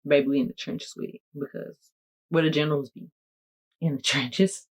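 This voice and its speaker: A woman content creator chatting casually to camera in a playful, jokey, animated way. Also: deep voice, moderate pace, slightly rough. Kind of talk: casual vlog talk to camera.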